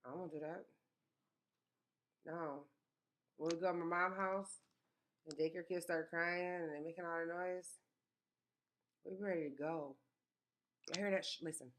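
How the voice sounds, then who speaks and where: A woman in a casual, story-filled chat. Her voice sits a little low, and she is animated and emphatic, stacking repeated words to drive her point home. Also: normal speed, pauses often, a little hiss or hum. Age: 30s.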